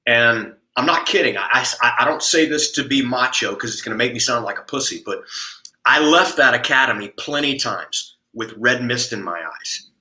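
Brief: man, jiu-jitsu coach, crude emphatic storyteller, sharp bright tone, roomy echo. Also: medium pitch, expressive, moderate pace. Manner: blunt, profane, emphatic, stammers on restarts. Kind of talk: storytelling in casual podcast chat.

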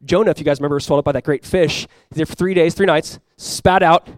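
Animated, fast-talking male pastor. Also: on the high side, dry recording. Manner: animated, acts out quoted voices, repeats himself. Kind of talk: sermon.

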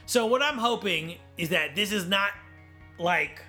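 A man hosting a casual podcast with a high, very bright, sharp voice. He is opinionated and leads the talk with questions. Faint music sits in the background. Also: lively intonation, measured pace. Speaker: podcast host. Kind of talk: casual chat.

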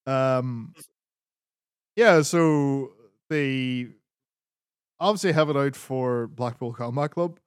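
A man's voice: mid-range voice, takes it slowly, pauses often, smooth, dry recording. Laid-back man recapping, dry mic. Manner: laid-back, recapping with frequent fillers and swearing. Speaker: podcast co-host. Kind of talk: casual wrestling chat.

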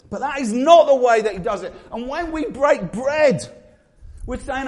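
A man preaches a sermon in a fairly high voice. He tells stories with animation and acts out the people he quotes, from quiet asides to sudden loud outbursts. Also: moderate pace.

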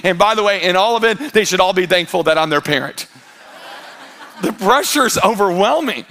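A man in his thirties with a lilt preaches to his congregation with a high, bright, forceful voice. He tells stories with animation and plays out the lines of the people in them. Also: moderate pace. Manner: animated storytelling with quoted voices. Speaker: pastor. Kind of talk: sermon.

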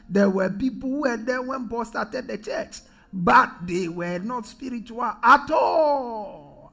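A man preaching a sermon in church, leading the congregation in call-and-response and often rising to shouts. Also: high voice, creaky.

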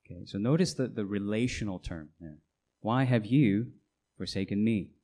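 A middle-aged male pastor delivering a sermon in a somewhat low voice. He preaches emphatically, often tossing in rhetorical questions to the congregation. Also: moderate pace, dark tone.

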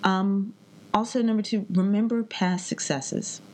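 A woman chatting casually on a podcast, animated and playful, giving practical advice. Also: mid-range voice, unhurried. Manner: animated, playful, breaks into impressions.

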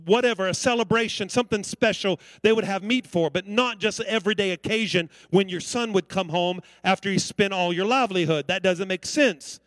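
High-voiced man preaching a sermon. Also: a bit bright, no echo. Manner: preaching with call-outs to the congregation. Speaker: pastor.

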